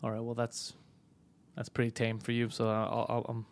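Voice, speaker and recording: A male comedian hosting a casual live stream, loud and profane, mock-bullying his co-host. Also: medium pitch, completely flat delivery, moderate pace.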